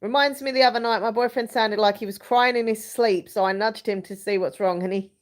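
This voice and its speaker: A woman's voice: on the high side, fairly even intonation, brisk. A young woman hosting a casual live chat from home, rambling and giggling as she reads viewers' comments. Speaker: live stream host.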